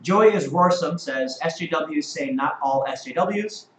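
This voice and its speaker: A man's voice: a little high, unhurried, reverberant, a little hiss or hum, low-quality recording. A male host on a live-stream debate who talks in an emphatic, profane way and reads out viewer comments.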